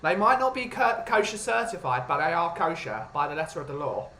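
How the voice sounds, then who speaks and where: Man, host, casual chat, jokey, rambling, high, faint ambient noise behind. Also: big pitch swings, fairly quick, sharp tone.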